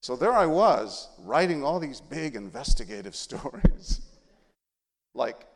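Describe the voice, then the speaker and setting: A middle-aged man from San Antonio tells his life story in an animated, humorous way. His pitch rises and falls a lot. A long reverb hangs after each phrase, as in a large hall. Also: unhurried. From San Antonio, Texas. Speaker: journalist giving a talk. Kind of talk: storytelling speech.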